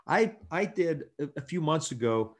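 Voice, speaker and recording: Animated middle-aged male chiropractor. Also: on the high side, normal speed. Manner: animated storyteller, laughs often. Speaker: chiropractor guest. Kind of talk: casual interview conversation.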